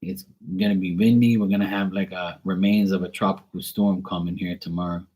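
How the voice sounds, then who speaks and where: A middle-aged man with a somewhat low voice hosts a live tarot stream. He jokes and boasts to his viewers in relaxed, easygoing chat. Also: brisk, breathy edge. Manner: playful, joking, boastful banter with viewers.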